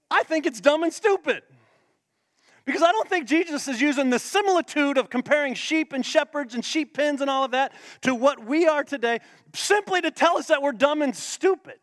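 High voiced guy preaching, jokey, keeps asking the crowd stuff. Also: lively intonation, normal speed, long pauses, fairly bright tone, no echo, clean studio sound. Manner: playful, interactive, joking with the congregation. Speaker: pastor. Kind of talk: sermon. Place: church sanctuary.

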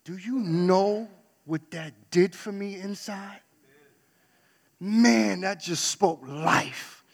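A man sharing a personal faith testimony in an earnest storytelling way, dropping to a hush and then rising to loud excitement. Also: high-pitched, drawn-out words, vocal fry, big-room sound. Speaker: church member sharing his testimony.

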